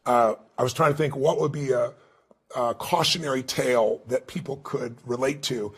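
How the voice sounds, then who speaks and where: A man being interviewed as an author, telling stories in an emphatic, animated way and acting out the dialogue. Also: mid-range voice, moderate pace, slightly rough. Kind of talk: interview storytelling.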